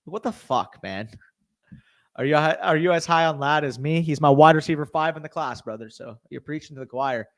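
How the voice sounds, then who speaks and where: Excitable young man hosting a live stream. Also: a little high, fairly quick. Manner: excitable, swears freely, talks to chat. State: tired, hiccuping. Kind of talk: casual live-stream commentary.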